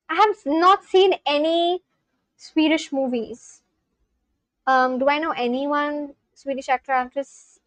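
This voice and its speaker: Giggly high-voiced woman streamer. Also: no echo, low-quality recording. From India. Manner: chatty, giggly, reads chat messages aloud and answers them. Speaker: livestream host. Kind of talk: casual livestream chat with viewers.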